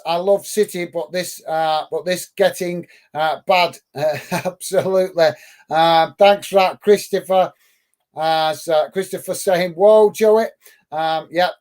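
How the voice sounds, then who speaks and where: A man's voice: high-pitched, darkish tone. A man hosting a live football watch-along, commentating on play and reading out viewer comments in a friendly way with many fillers.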